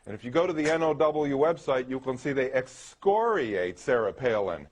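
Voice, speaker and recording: A man's voice: medium pitch, lively intonation, moderate pace, a little hiss or hum. A man arguing heatedly on a TV debate panel, talking over the others and reeling off statistics to press his point. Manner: combative, talks over others, rattles off statistics. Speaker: opinionated TV panel guest.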